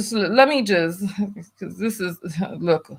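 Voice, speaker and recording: A middle-aged woman hosting a commentary stream, with a voice pitched in the ordinary middle range. She speaks bluntly and with emphasis, often repeating a word or short phrase to drive it home. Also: extremely slow, vocal fry, husky. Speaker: host of a commentary channel. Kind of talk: livestream commentary, reading viewer donations.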